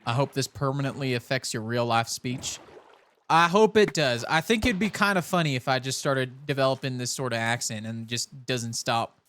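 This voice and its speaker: A young man from California streaming a game, chatting in a rambling way and talking with a soft put-on Southern cowboy drawl. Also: medium pitch, moderate pace. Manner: rambling, chatty, self-interrupting. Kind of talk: casual live-stream chat while gaming.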